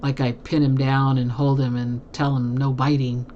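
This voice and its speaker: A chatty live streamer talks loosely with viewers from a home desk and laughs often. The voice sits at an ordinary middle pitch, with a faint hiss behind it. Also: flat delivery, normal speed, warm tone, highs cut off. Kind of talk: casual chat with viewers.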